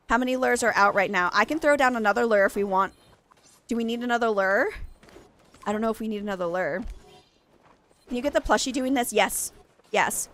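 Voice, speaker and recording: A young adult woman with a fairly high, slightly bright voice chats loosely while gaming live on stream. Her talk rambles and is packed with exclamations and restarts.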